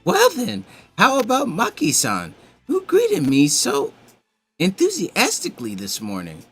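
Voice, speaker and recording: A man doing a strained, squeaky boy teacher. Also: wildly swooping pitch, a little slow, a bit bright, slightly rough, faint music behind, heavily acted. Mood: polite. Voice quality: strained, pinched high voice. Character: earnest ten-year-old boy teacher mage.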